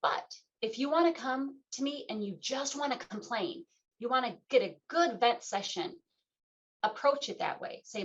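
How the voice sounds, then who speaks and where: A middle-aged woman hosting a talk radio show, chatting in a lively, playful way and acting out the voices she quotes. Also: fairly high pitch, normal speed. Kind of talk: casual conversational interview. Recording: dull lo-fi sound.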